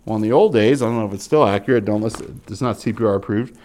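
A young man preaching with lots of energy. He swings his pitch up and down as he mimics parents and children, then drops into slow, earnest stretches. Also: noisy background. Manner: animated, acts out quoted voices, chuckles. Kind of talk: sermon.

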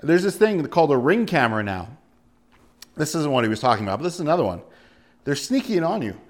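A man's voice: a little high, sing-song, fast. A male pastor delivering a sermon emphatically, full of rhetorical questions and repeated words.

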